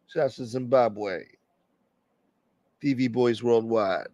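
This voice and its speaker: A man's voice: mid-range voice, normal speed, a little mellow, no echo, dull audio. A man hosting a casual livestream, joking brashly with viewers and swearing freely. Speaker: livestream host.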